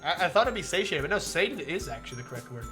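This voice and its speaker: A man's voice: fairly high pitch, sing-song, fast talker, bright, forceful tone, faint music behind. A young man streaming a visual novel, chatting casually, laughing often and swearing freely. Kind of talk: casual live-stream commentary.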